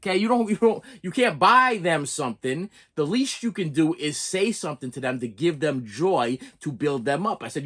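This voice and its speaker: A middle-aged man with a voice sitting a little high for a man chats straight to his viewers. He rambles, circles back and repeats himself, his pitch leaping up and down in a lively, animated way. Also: moderate pace, hardly any pauses. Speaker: preschool teacher and collector vlogger. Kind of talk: casual rambling monologue.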